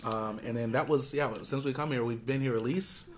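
A man's voice: medium pitch, moderate pace, a little hiss or hum. A laid-back man sharing an eating vlog in an ordinary mid-range voice. He chuckles often and lets his thoughts trail off as he remembers things. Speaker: vlog co-host. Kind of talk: casual mukbang chat.

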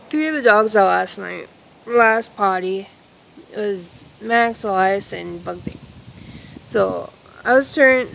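A woman's voice: medium pitch, gravelly, slight background noise, poor audio. A woman vlogger telling a story in a casual, rambling way, outdoors in a yard and filming on a phone she holds herself, with lots of exclamations and self-interruptions.

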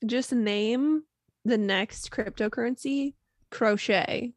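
Woman guest, kinda high voice, snarky little one-liners, dry close sound. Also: slow pace, no echo. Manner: short teasing quips. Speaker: podcast guest. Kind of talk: casual comedy podcast chat.

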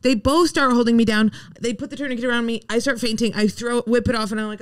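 A woman co-hosting a podcast, telling a story in casual, blunt, animated comedic chat. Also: on the high side, fast talker, no echo, clean studio sound. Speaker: podcast co-host.

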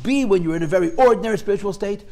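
A male teacher gives a class in a high, gravelly voice. He lectures with animated emphasis and drives his points home by repeating them. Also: rapid-fire. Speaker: Torah teacher.

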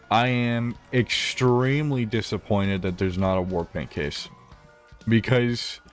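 A man with a fairly low voice talks through his gameplay in a loose, rambling way. He trips over his own words and swears freely, with faint music playing underneath. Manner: rambling, profane, self-interrupting. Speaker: gaming commentator. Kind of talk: casual gameplay commentary.

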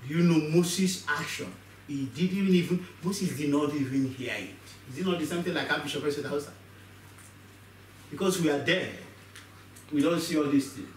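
A man's voice: fairly high pitch, moderate pace, slight background noise. A man pastor preaching a sermon, acting out voices and asking the congregation questions. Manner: animated, acts out voices, asks the congregation questions. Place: church hall. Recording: echoey church hall, mic far off.

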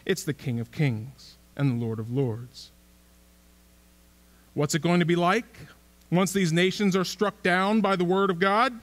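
A man's voice: high-pitched, unhurried. A male pastor giving a conversational sermon, asking rhetorical questions and repeating himself for emphasis. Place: church sanctuary.

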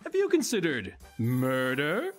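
A man's voice: wildly swooping pitch, a little slow, faint music behind. A man voicing a slick male announcer in a parody advertisement. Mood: salesy. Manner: salesy pitch cadence.

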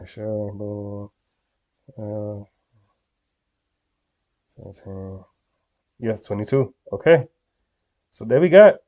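A young man giving casual reaction commentary, tossing slang at his viewers in a loose, laid-back way. His voice is mellow and somewhat dark, and the recording sounds a little dull and lo-fi. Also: lowish voice, expressive, extremely slow, pauses often. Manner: laid-back slangy talk to viewers, frequent "you feel me". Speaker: reaction video host.

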